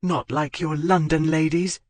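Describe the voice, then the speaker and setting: A man's voice: a little high, level tone, unhurried, no room sound. A man voicing a spirited, impulsive young country woman in an audiobook, raising his voice into her earnest, wavering pleas. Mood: anxious. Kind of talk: audiobook character voice.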